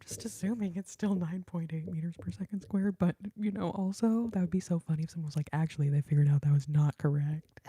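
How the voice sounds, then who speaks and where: A woman in her early forties whispering softly and giggling as she chats with viewers on an ASMR livestream. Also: on the low side, breathy edge, dry recording. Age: early 40s. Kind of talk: whispered ASMR live chat.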